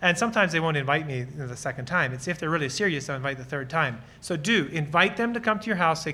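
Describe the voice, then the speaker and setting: A man from Lancaster County speaks to a church audience, earnest and eager as he tells personal stories and answers questions. His voice sits a little high for a man. It is bright and forceful, with a tense edge. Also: expressive, quick pace, few pauses. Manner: acts out short bits of dialogue while explaining. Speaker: guest speaker on ministry.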